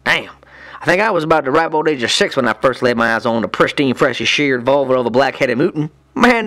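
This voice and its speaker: A man's voice: medium pitch, fairly bright tone, lightly acted. A man voicing a folksy villain. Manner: folksy, crude, exuberant storyteller. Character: lecherous rowdy male villain, Southern drawl. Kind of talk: cartoon comedy voice acting.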